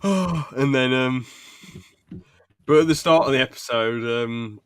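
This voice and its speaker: A man's voice: mid-range voice, takes it slowly. A young man co-hosting a podcast, rambling through sitcom scenes and laughing as he retells them. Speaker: podcast co-host. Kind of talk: casual chat recapping a sitcom.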